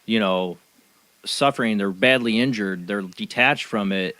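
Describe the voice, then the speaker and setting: Man, talk radio host, low voice, chatty with fillers, dry close sound. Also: a little slow, pushed and bright, no echo. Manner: loose and chatty, many fillers. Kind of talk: casual talk radio chat.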